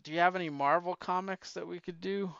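Smooth-voiced man chatting animatedly. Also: high voice, a little fast, no room sound, dull audio. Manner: animated, exclaims often. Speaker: podcast co-host. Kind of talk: casual chat.

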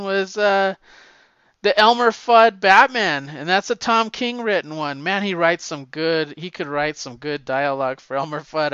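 A man's voice: high-pitched, bright, forceful tone, clean tone, dry recording, lo-fi sound. A man talking casually and at length about comic books, rambling with stammered restarts and swearing freely. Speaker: comic book fan talking to a friend. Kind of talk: casual chat.

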